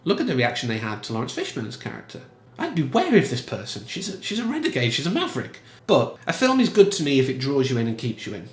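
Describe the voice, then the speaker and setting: A man giving casual, emphatic film commentary in a chatty, animated way. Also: medium pitch, quick pace, hardly any pauses, echoey room. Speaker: film reviewer.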